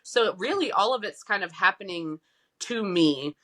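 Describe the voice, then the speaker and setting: A woman founder of a nonprofit, telling a personal story in a casual interview, animated and acting out the voices she quotes. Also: medium pitch, normal speed. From United States.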